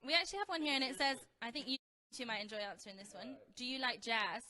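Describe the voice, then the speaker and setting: A woman's voice: on the high side, fast, crowd noise. A woman interviewing a band, upbeat and reading out fan questions. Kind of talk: magazine interview.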